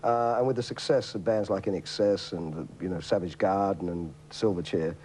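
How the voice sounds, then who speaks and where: A man's voice: low-pitched, fairly quick, darkish tone, slight background noise, low-quality recording. A middle-aged Australian man, a talk show guest, reminiscing in a rambling, chatty way with frequent restarts. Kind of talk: casual chat.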